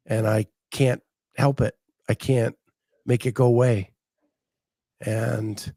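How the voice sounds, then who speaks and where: A man with a gravelly, dark voice speaks haltingly on a live check-in. He is tearful and emotional, breaking off his phrases, and the sound is dry and close. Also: mid-range voice, dry recording. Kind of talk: live weight-loss check-in.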